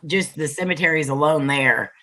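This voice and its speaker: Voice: medium pitch, normal speed. A host in a casual interview, reading viewer questions aloud and answering with short agreeing replies. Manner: relaxed, reads out chat questions, brief agreeing replies.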